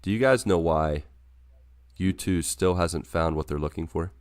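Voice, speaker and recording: A man's voice: sits low, moderate pace, darkish tone, clear, resonant tone, no room sound, clean studio sound. A man hosting a casual podcast, joking around and wrapping up the show with playful sign-offs. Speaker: podcast host.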